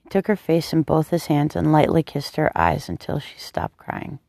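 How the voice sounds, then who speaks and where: A woman narrates a story in a calm, measured way. Her voice is mellow and dark with a gravelly texture. The recording is dry and close, with no echo. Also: sits low. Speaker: audiobook narrator.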